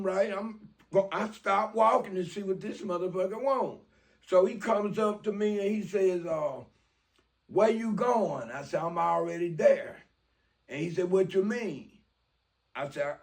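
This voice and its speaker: A man in his 60s from Mobile, Alabama tells a personal street story in a profane, streetwise way, acting out the dialogue. His voice is high-pitched with vocal fry, and he speaks at a measured pace.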